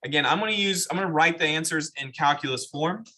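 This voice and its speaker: A man's voice: a little high, fast talker, pushed and bright, slight background noise. A man teaching a math class, explaining step by step and asking the students questions. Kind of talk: classroom lecture.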